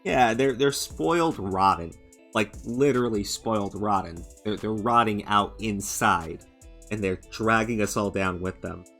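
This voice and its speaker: Over faint background music, a man with a lowish, creaky, fairly bright voice rants on his commentary channel. His tone is sarcastic, mocking and profane, and he trips over himself with halting restarts and stammered fillers.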